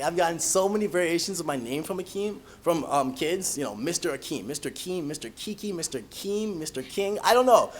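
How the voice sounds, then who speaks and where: A young man, a college student, telling humorous personal stories in an animated, self-mocking way. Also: fairly high pitch. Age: young adult.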